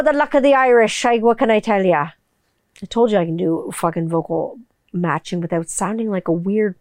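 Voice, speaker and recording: A woman's voice: mid-range voice, a little mellow, clear, resonant tone, no echo, studio quality. A middle-aged woman hosting her own podcast, rambling casually and swearing freely as she signs off. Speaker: podcast host. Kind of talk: casual podcast sign-off chat.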